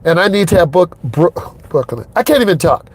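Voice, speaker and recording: A man's voice: high voice, sing-song, normal speed, husky. Emphatic man narrating while driving. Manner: emphatic, repeats himself, talks straight to viewers. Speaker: driving instructor. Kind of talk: narrating a driving lesson from behind the wheel. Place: inside a car on city streets.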